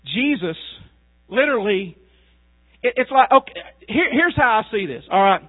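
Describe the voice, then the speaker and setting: A man's voice: sits high, lively intonation, normal speed, slightly rough. A man preaching a sermon, telling the story in a folksy way and asking the crowd questions. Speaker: pastor. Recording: tinny phone-like sound.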